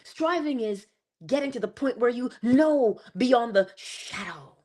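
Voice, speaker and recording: A woman giving a passionate spiritual motivational talk, slowing down and stretching key words for emphasis. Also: a little high, animated, darkish tone. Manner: passionate, preachy, rising and falling emphasis. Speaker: inspirational speaker.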